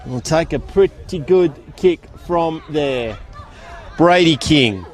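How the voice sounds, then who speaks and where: A man's voice: fairly high pitch, expressive, slow pace, a faint crowd. A man with an Australian accent giving live play-by-play commentary at a country football ground, chatty and full of local slang.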